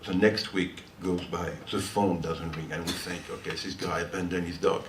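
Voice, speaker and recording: A rambling between-song anecdote comes from an older French guitarist with a French accent, who keeps it chatty and laughs as he goes. His low voice has a flat delivery at a moderate pace. Recorded from afar in a listening hall before a live audience, the sound is roomy with faint noise.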